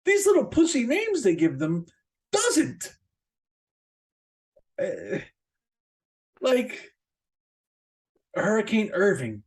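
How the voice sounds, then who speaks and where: A man hosting his own podcast in a casual solo rant. He swears a lot, rambles with fillers and restarts, and jumps up in pitch to stress a point. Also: slow pace, pauses often, breathy edge. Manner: animated, jumping up in pitch for emphasis. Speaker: podcast host.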